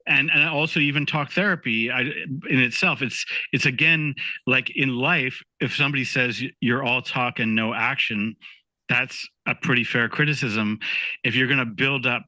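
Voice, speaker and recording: A man's voice: mid-range voice, normal speed, pushed and bright, no room sound, rough recording. A man hosting a podcast, talking casually and hesitantly, often restarting his sentences. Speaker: podcast host.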